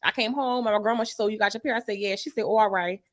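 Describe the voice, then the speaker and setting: A woman sex educator, chatting on a radio show as an animated, loud storyteller with salty slang. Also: mid-range voice, rapid-fire. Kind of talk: casual radio chat.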